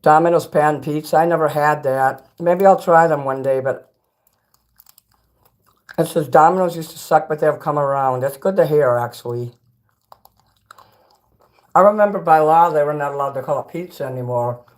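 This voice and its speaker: A man's voice: on the high side, moderate pace, pauses often. A man from Chicago chatting on a livestream, reading out chat messages and eating snacks between rambling, blunt remarks that carry the odd curse. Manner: rambling, blunt, swears freely; talks while eating snacks.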